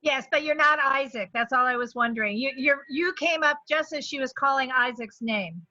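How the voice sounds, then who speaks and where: A woman chairing an online meeting, brisk and joking, on a dull video call line. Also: sits high, pushed and bright, dry recording.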